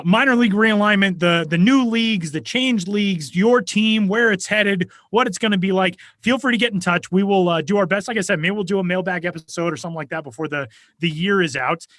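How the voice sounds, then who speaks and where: Brief: male podcast co-host, upbeat and jokey, bright, dry close sound. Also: sits high, no room sound. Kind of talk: casual podcast chat.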